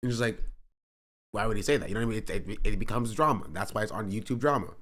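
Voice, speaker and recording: Guy streaming, chatting loose and rambly, voice shoots up when he gets heated. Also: quick pace. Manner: animated, rambling, jumps up in pitch when riled. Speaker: streamer reacting to a podcast clip. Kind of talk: casual live-stream commentary.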